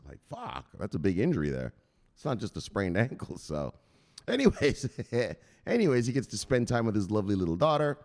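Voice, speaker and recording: A man's voice: lowish voice, huge pitch swings, a little fast, darkish tone. Joking, profane male crypto vlogger. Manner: profane, joking, laughs often. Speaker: crypto news host. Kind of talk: casual vlog commentary.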